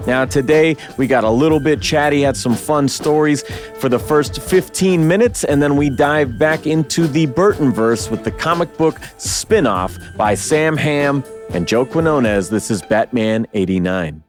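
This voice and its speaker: A man in his thirties, from Oregon, hosting a podcast in animated, profane casual chat. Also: mid-range voice, measured pace, faint music behind. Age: 30s. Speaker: podcast host and rapper.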